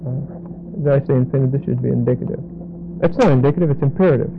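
A man teaching a Bible study to a congregation, explaining word meanings and repeating key words slowly for emphasis. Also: mid-range voice, gravelly, phone-quality sound, background noise.

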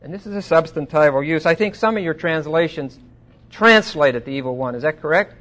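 Bible teacher, man, slightly high voice, chatty lecture that swells on scripture, asks the room questions. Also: expressive, fairly quick. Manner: conversational, swelling louder on scripture quotes. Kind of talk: Bible study sermon.

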